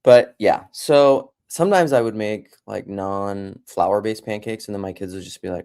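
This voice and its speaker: A man's voice: fairly low pitch, normal speed, creaky, few pauses, darkish tone. Casting: male streamer, digressive and wry, chatting off the cuff from his home. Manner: rambling, joking, digressive. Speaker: live streamer. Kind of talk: casual livestream monologue.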